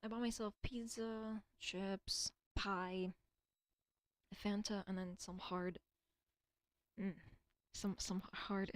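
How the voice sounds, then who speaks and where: Woman rambling to herself on stream, swears a lot, trips over words, mid-pitched, dry sound. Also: level tone, takes it slowly, long pauses, no room sound. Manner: rambling, profane, self-deprecating. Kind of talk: casual solo rambling.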